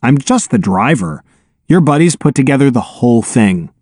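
A man's voice: medium pitch, big pitch swings, moderate pace, a little mellow, husky, no echo, studio quality. A man voicing Katie, an adult woman driver who speaks in a blunt, offhand way.

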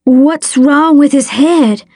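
A woman's voice: high voice, animated, unhurried, no room sound, clean studio sound, voice pushed up. A woman voicing an anxious young boy whose voice wavers with worry. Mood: worried.

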